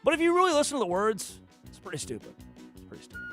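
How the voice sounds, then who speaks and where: Brief: male sports radio host, high and lively voice, mocking rant that swings loud to hushed. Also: soft background music. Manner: mocking, swings loud and soft, fast then slow.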